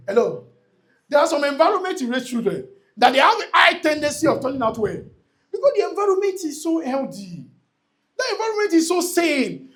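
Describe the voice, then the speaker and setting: High, lively man rousing a crowd. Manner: emphatic and repetitive, often calls out to the crowd. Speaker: motivational speaker at a real estate event. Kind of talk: motivational talk to a live audience. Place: event hall before an audience.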